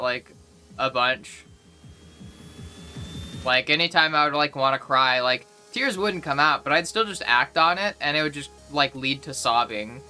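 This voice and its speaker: A woman's voice: low-pitched, bright, forceful tone. A young woman streaming live, chatting casually and rambling with lots of fillers and restarts.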